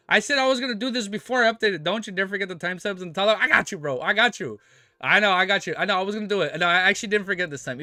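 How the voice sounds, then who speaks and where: Lively bright-voiced American man streaming. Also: high voice, no room sound. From United States. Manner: joking, laughs often, mock-French phrases. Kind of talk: casual live-stream chat with viewers.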